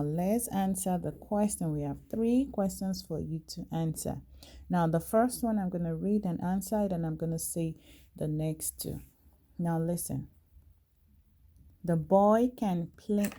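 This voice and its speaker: A woman teacher reading a worksheet aloud to young children, slow and deliberate, asking them questions as she goes. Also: fairly low pitch, warm tone. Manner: slow and deliberate, reading each sentence carefully.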